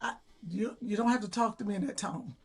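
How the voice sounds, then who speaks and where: A woman co-hosting a casual chat show, teasing with quick comebacks. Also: medium pitch, fairly even intonation. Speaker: co-host.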